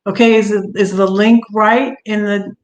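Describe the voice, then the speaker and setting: A woman's voice: mid-range voice, fairly even intonation, normal speed. A woman hosting her first casual livestream, a bit scattered about the tech and sympathetic toward her guests. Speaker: livestream host. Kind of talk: casual live-stream chat. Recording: roomy echo.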